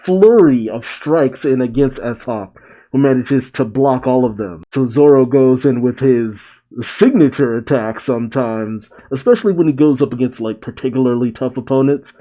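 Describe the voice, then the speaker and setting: A man's voice: medium pitch, normal speed, dark tone. A man hosting a casual read-along reaction to a comic, narrating and laughing often between the quoted lines.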